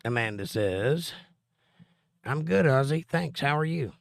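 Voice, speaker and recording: A man's voice: medium pitch, expressive, unhurried, vocal fry, no echo, clean studio sound. A middle-aged man, hosting a live stream and reading viewer comments aloud with a joking, chatty manner. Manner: joking, chatty, answers chat directly.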